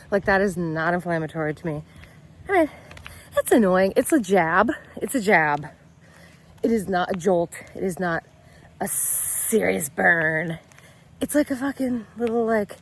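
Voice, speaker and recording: A woman's voice: medium pitch, slight background noise. Blunt, swearing woman vlogging outdoors. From United States. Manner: blunt, heavy swearing, exasperated. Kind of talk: casual opinion vlog.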